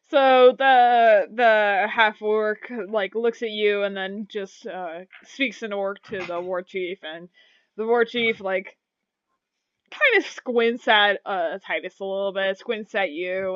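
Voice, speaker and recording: A game master narrates a tabletop game over voice chat, pausing often with fillers and restarting sentences. The voice is smooth on a dry mic, and the sound is a little muffled. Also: medium pitch, fairly bright tone, no room sound. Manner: hesitant, many fillers and restarts. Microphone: online voice chat.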